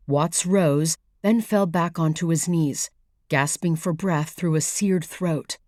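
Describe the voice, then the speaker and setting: A woman narrating a thriller audiobook in a measured, even storytelling manner, read close to the mic. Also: fairly low pitch, no echo. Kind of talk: scripted narration.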